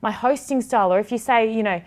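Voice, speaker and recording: A woman's voice: on the high side, fast, a little mellow. A woman who hosts a TV sports show, talking frankly and with feeling in a podcast conversation, swearing now and then. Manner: frank and heartfelt, swears freely.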